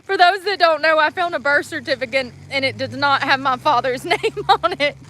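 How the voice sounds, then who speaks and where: A woman in her forties, a vlogger, chats casually while driving, rambling and laughing through her words. Her voice is high-pitched and bright with a forceful tone, at a normal speed. The recording quality is low.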